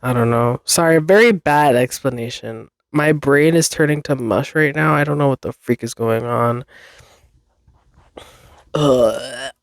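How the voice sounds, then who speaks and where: A woman's voice: a bass voice, normal speed, few pauses, dry recording, studio quality. A woman in her twenties hosting a podcast, chatting alone in a rambling, self-deprecating way, swearing and laughing often. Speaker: podcast host. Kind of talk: casual solo chat.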